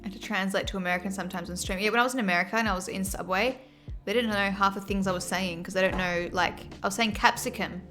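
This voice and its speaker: A woman's voice: mid-range voice, fairly even intonation, fast talker, sharp tone, soft background music. An Australian woman streamer chatting casually and laughing as she reads her chat aloud.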